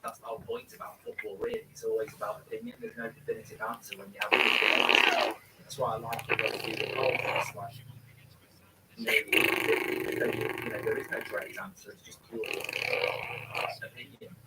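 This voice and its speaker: A man's voice: on the low side, moderate pace, gravelly. A man hosting a casual live watchalong, rambling through his thoughts and reading viewer questions aloud before answering them. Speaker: live-stream host. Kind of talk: casual match watchalong chat. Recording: distant mic with steady background noise.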